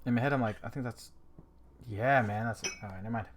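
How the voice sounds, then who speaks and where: Easygoing man co-host, casual stream chat, quiet trailing phrase ends. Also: mid-range voice, fast, crowd noise.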